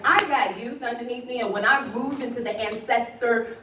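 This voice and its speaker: A woman's voice: a little high, moderate pace. Impassioned woman addressing a crowd. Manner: emphatic, addresses crowd directly. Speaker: community speaker at a rally. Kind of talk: impassioned public speech. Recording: distant, roomy livestream audio with faint noise.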